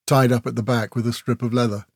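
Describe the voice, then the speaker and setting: A man narrating a fantasy story with steady, vivid emphasis. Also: medium pitch, quick pace, dry recording, clean studio sound. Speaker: audiobook narrator. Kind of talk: scripted narration.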